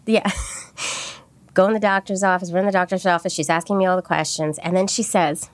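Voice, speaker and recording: A woman's voice: lowish voice, steady tone, a little fast, dry recording. A woman telling a personal story in casual chat, candid and rambling, with many fillers and restarts.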